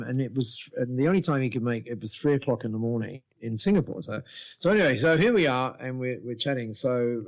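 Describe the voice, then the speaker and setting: Older male guest, seventies, gravelly storyteller, dull lo-fi recording. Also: mid-range voice, brisk. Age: 70s. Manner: animated storyteller, lively quoting of others, many restarts. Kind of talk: storytelling in a podcast interview.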